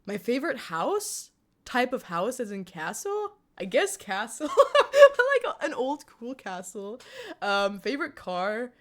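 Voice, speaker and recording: A woman's voice: fairly high pitch, huge pitch swings, measured pace, a bit bright. Giggly young woman streamer chatting. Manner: giggly, chatty, answers chat with frequent laughter. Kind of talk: casual live-stream chat.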